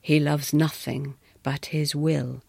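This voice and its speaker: Woman putting on a low, quiet caribbean wife, bitter and proud, dry close sound. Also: a little slow, vocal fry, no room sound, full character voice.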